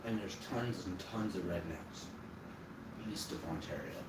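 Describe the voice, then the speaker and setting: A man's voice: low-pitched, measured pace. A man from Manitoba, rambling bluntly in a casual monologue to his viewers, swearing offhandedly. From Manitoba, Canada. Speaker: vlogger. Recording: roomy, distant mic, noisy background.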